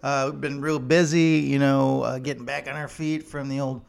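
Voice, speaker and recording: A man's voice: on the high side, expressive, unhurried, gravelly, a bit bright, full character voice. A man voicing laid-back, offhand Norwegians personified as a nation, hesitant and casual.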